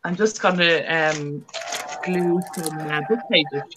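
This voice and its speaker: A woman guest crafter speaking softly and hesitantly, with many pauses, as she explains her work. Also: deep voice, noisy background. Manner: soft, hesitant, full of pauses and fillers. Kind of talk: casual chat while crafting.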